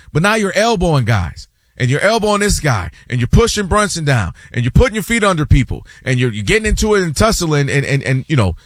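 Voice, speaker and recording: A man's voice: high voice, no room sound, studio quality. A man hosting a sports talk show, arguing his point in casual chat and acting out fans' voices. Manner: animated, acts out fans' and players' voices.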